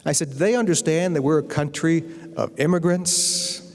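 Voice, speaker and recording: Speaking at a moderate pace, a man with a somewhat high, slightly mellow voice delivers a humorous story as a guest lecturer. He's an American novelist, telling it anecdotally with comic timing, and the university lecture hall gives his voice a long reverb.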